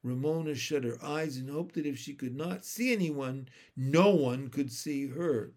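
A man reading a children's chapter book aloud in an expressive, unhurried way. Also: fairly high pitch. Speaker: storyteller.

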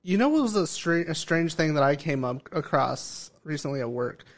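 A man's voice: on the high side, expressive, normal speed. A man in a casual podcast chat, telling stories in a laid-back way with casual swearing.

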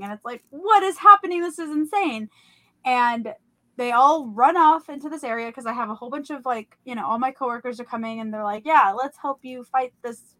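A young woman hosting a podcast, telling about a vivid dream in a casual, animated way full of "like" and fillers. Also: a little high, dry recording. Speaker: podcast host. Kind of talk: casual storytelling.

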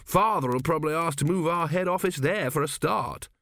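A man's voice: a little high, normal speed, fairly bright tone, no echo, pitched above the performer's own voice. A man doing an eager chattering young merchant. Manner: rambling, eager, businesslike. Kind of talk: audiobook character voice.

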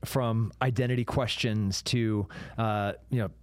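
A man hosting a podcast interview in a measured, emphatic way. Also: fairly low pitch, steady tone, a little mellow, no echo. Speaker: podcast host. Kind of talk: casual interview chat.

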